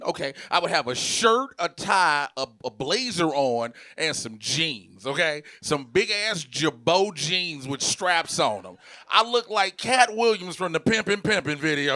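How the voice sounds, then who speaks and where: A middle-aged man doing a stand-up comedy set on a club stage, telling brash, profane stories with shouted punchlines. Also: a little high, no room sound.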